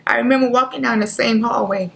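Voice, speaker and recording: A woman's voice: fairly high pitch, steady tone, vocal fry, breathy edge. Earnest woman telling a painful story. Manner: earnest, halting, acts out the voices of others. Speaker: talk show guest. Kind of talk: emotional personal story in interview.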